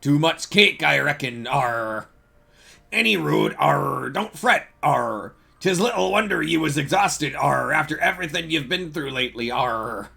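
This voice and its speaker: A man's voice: on the high side, animated, a little slow, creaky, bright, forceful tone, slightly rough, exaggerated voice. A man voicing a boisterous male pirate sailor who growls "arr" after every phrase, reading game dialogue aloud. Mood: hammy.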